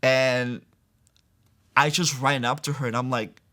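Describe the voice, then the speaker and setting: A man recounts his faith testimony in a sit-down interview recorded in a church. He tells it in an earnest, conversational way at a moderate pitch, often leaning on casual fillers as he goes. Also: steady tone, a little slow, pushed and bright. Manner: earnest storytelling with frequent "like" and "I'm like" fillers. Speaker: guest sharing a faith testimony. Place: church building.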